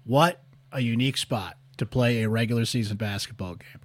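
A man's voice: mid-range voice, fairly quick. A man hosting a casual postgame sports show, upbeat, reading listener texts and speaking straight to the audience. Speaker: sports podcast host.

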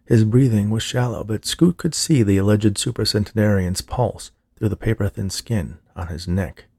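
Gravelly low-voiced male narrator. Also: moderate pace, mellow, no room sound, studio quality. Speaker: horror story narrator. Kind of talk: scripted narration.

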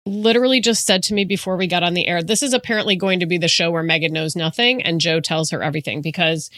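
A woman with a bright, sharp voice hosts a relaxed interview, teasing herself and quick to laugh. The recording is dry and close. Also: fairly low pitch, no echo. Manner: playful, self-deprecating, quick to laugh. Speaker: podcast host. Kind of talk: casual interview chat.

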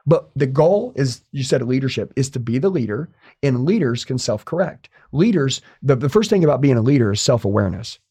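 A man's voice: mid-range voice, expressive, brisk, mellow, slightly rough. A man speaking as an interview guest, sharing his story intensely, bluntly, and with plenty of swearing. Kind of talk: motivational interview talk.

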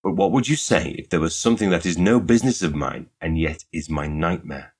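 A brisk young woman behind a pastry-shop counter, impatient and emphatic, pushing her point hard. A male narrator lifts his voice to put her on. There is a slight huskiness beneath the raised voice. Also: sits low, darkish tone, husky. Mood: earnest.

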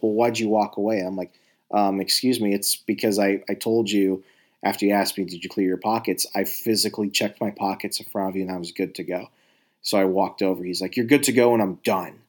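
A man telling a rambling, profane story in a casual monologue, exasperated and full of restarts. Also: on the low side. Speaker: talker recounting travel stories.

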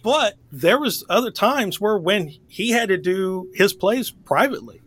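A man's voice: high-pitched, expressive, unhurried, a bit bright. A man co-hosting a book podcast, chatting casually and rambling with frequent restarts. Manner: rambling, self-correcting, laughs easily. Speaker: podcast co-host. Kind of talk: casual chat.

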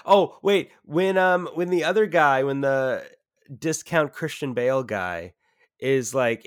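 A man's voice: medium pitch, no echo, studio quality. A man co-hosting a casual movie podcast, rambling and swearing as he recalls favorite scenes. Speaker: podcast co-host.

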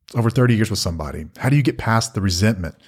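A man's voice: lowish voice, lively intonation, racing, a little mellow, slightly rough. Earnest middle-aged male podcast co-host. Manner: earnest, reflective, reads listener questions aloud. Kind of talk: casual podcast conversation.

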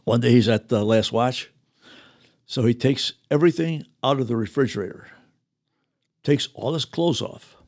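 An older man tells stories in a casual, rambling way, chuckling as he goes. His voice has a gravelly edge, and his pitch sits mid-range for a man. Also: moderate pace, long pauses, a little mellow. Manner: rambling, chuckling anecdotes with restarts. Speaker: retired firefighter guest. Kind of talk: casual storytelling.

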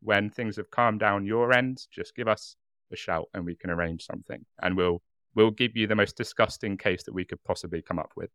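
A man's voice: fairly low pitch, fairly quick, fairly bright tone, clean tone, no room sound, studio quality. A man with a British accent co-hosting a podcast, chatting casually and laughing often. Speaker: podcast co-host. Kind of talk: casual chat.

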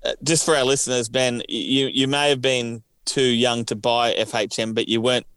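A man's voice: medium pitch, flat delivery, normal speed, a bit bright, clean tone, no room sound. A man, a bit older than his co-host, chatting casually on a podcast and rambling with lots of "you know". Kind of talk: casual chat.

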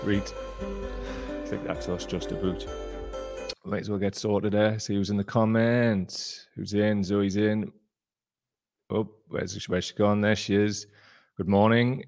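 A man's voice: lowish voice, fairly even intonation, takes it slowly, long pauses, dry recording, soft background music. A man hosting a casual live-stream chat from a cellar, rambling and jokey. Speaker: show host. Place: temporary cellar room.

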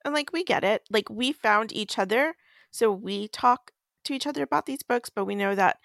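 A woman co-hosting a casual book podcast, chatting in a relaxed way with quick asides. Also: fairly high pitch, creaky, no room sound, studio quality. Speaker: podcast co-host.

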